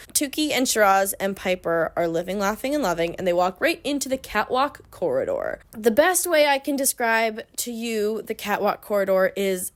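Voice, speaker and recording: Woman, young adult, sarcastic, chatty, says "like" a lot, casual recap, close mic. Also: medium pitch. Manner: sarcastic, chatty, heavy use of "like". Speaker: book club channel host. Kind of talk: casual comedic book recap.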